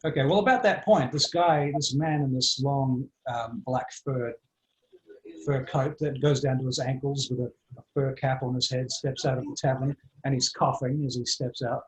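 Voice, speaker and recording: A man's voice: mid-range voice, steady tone, moderate pace, slight background noise, low-quality recording. A man running a tabletop game as dungeon master, narrating and thinking aloud with many fillers.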